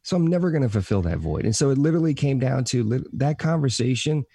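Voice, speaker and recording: Podcast guest: earnest, emphatic man with a gravelly, warm voice who repeats his points for weight. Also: medium pitch, lively intonation, quick pace, no room sound, studio quality. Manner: self-described positive motivational talker. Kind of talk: personal storytelling in a podcast conversation.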